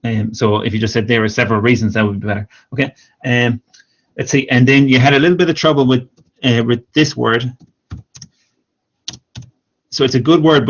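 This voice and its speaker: Patient man giving speaking feedback. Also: medium pitch. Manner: encouraging, patient, corrects slowly and repeats examples. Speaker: English speaking teacher, former exam examiner. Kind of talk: live-streamed speaking feedback. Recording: dull lo-fi stream audio.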